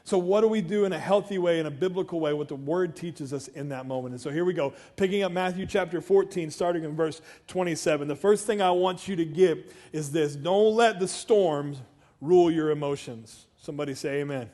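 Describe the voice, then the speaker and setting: A man's voice: fairly high pitch, brisk, warm tone. A man preaching a conversational sermon as a pastor, chatty and self-deprecating, with joking asides to the congregation. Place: church.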